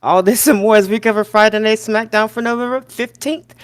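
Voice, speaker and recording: A man's voice: sits high, steady tone, brisk, smooth, no room sound. A man co-hosting a wrestling podcast, joking around and rambling in disbelief. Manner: jokey, incredulous, rambling. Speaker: podcast co-host. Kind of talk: casual podcast chat.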